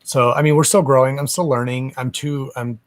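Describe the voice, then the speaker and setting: A man's voice: mid-range voice, steady tone, a little fast. A man hosting a live stream as a psychic medium, chatting casually from home in a sassy, gossipy way, cussing freely and calling his viewers darling.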